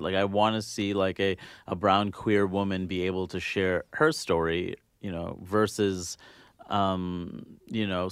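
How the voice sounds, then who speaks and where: A man's voice: low voice, clear, resonant tone, no echo, studio quality. Earnest man, thinking aloud. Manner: earnest, thinks aloud with many "you know"s. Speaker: filmmaker and interview guest. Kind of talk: casual interview.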